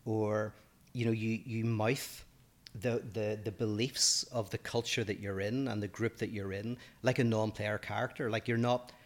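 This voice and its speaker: A man with a Northern Irish accent and a fairly low voice talks through abstract ideas in a relaxed podcast conversation. He thinks aloud as he goes, laying out one point after another at length. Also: moderate pace. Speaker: podcast co-host. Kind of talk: casual philosophical discussion.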